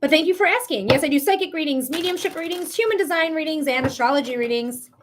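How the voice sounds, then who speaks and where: A woman's voice: high voice, fast talker, slight background noise. A woman hosting a live psychic reading stream, chatting casually in a blunt, profane way with frequent laughs. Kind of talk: casual livestream chat.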